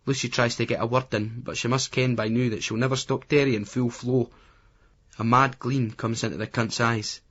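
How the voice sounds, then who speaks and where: Scottish guy reading an audiobook, slangy and gritty, husky, dull lo-fi sound. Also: mid-range voice, fairly even intonation, moderate pace, fairly bright tone. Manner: gritty, colloquial. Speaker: audiobook narrator. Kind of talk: first-person audiobook narration. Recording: remastered poor-quality audio.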